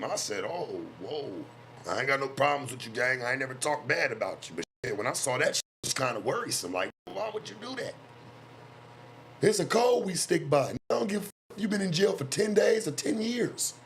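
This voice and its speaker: Blunt, profane man with a bright, forceful voice. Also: medium pitch, a little hiss or hum. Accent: American West Coast street. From West Coast of the United States. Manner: blunt, profane street talk, repeats himself for emphasis. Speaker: streamer and self-styled life coach. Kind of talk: casual livestream rant.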